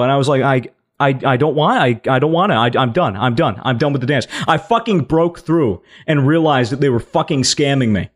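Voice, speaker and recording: A man's voice: mid-range voice, fairly quick, hardly any pauses. A young man bluntly telling his side of a drunken night out, swearing and stumbling over restarts. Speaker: podcast co-host telling a story. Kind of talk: casual storytelling chat.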